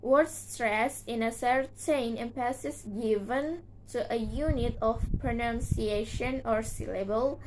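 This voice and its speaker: A young woman whose first language is Indonesian, giving a halting class presentation with many fillers and repeated words. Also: fairly high pitch, background noise. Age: young adult. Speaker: student presenter.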